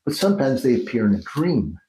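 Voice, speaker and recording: A man's voice: mid-range voice, very animated, brisk, warm tone, slight background noise. A man being interviewed as a dream therapist, talking in a thoughtful, explaining way and sometimes acting out phrases in different tones. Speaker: guest, Jungian dream therapist. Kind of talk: reflective interview talk. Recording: roomy echo.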